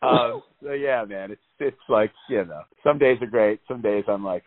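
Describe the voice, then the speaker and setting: A man's voice: fairly low pitch, normal speed, hardly any pauses. A man chatting casually as a podcast co-host, rambling, swearing and laughing often. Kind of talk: casual chat. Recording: tinny phone-like line.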